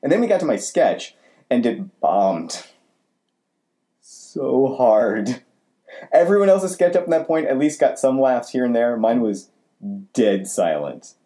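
A man co-hosting a podcast, telling a personal story in casual, animated chat. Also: slow. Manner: animated storytelling with wide pitch swings. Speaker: podcast co-host.

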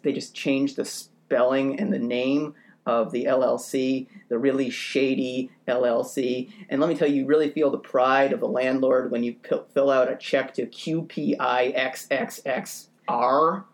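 A man telling a comic story on a podcast, animated and self-mocking, his pitch jumping up when he rants. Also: measured pace. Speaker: podcast co-host. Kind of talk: comedic storytelling.

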